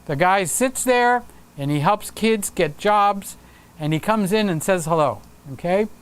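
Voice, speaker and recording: A man's voice: high-pitched, animated, measured pace, clean tone. A man hosting a casual livestream, chatting upbeat and reading viewer comments aloud with frequent fillers. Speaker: livestream host.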